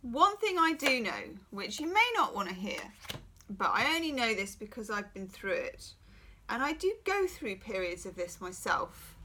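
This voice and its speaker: A woman's voice: a little high, sing-song, moderate pace, pushed and bright, a little hiss or hum. A middle-aged woman who is losing her voice, giving a frank, chatty private tarot reading full of reassuring asides. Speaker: tarot reader.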